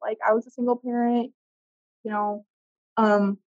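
A woman as an interview guest, telling a personal story in a candid, emotional way, often halting and searching for words. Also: a little high, little pitch movement, darkish tone. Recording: dull lo-fi audio.

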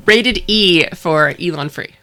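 A woman's voice: lowish voice, slow pace, pushed and bright. A woman co-hosting a podcast, rambling casually with fillers and laughs. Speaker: podcast co-host. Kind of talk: casual chat.

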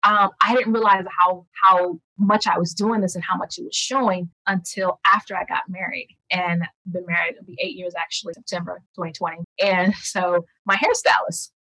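Woman, 30s, author guest; husky, low-set voice, animated and emphatic delivery, dry recording. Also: normal speed, few pauses, dry recording, poor audio. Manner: animated, laughs often, emphatic. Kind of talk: conversational interview.

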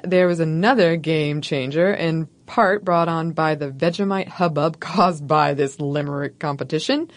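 Woman, podcast co-host, lowish voice, wry playful storytelling, scripted narration with banter.

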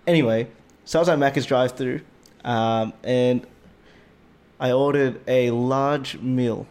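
Animated, swearing Australian man telling stories. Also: mid-range voice, a little slow. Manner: animated, swears a lot, voice jumps up when indignant. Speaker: podcast co-host. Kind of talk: casual storytelling chat.

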